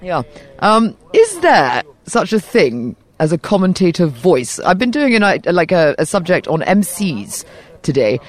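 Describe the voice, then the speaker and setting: The podcast host here is a woman with a posh English accent, fairly low in pitch and measured in pace. Outdoors at a tennis venue, she conducts a casual on-site interview, teasing her guest in a playful, animated way.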